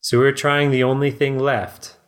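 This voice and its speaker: Serene archaeologist guy, slow and measured, kinda knowing, a man reading him. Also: medium pitch, level tone, fairly bright tone, lightly acted. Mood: earnest.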